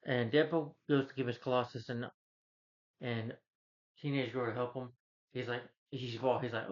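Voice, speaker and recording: A man recapping a movie in a loose, rambling way, chuckling as he goes and restarting sentences. He keeps an ordinary middle pitch but lifts it to act out quoted lines. The recording is dull and lo-fi. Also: fairly even intonation, moderate pace. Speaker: movie reviewer. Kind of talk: casual plot recap.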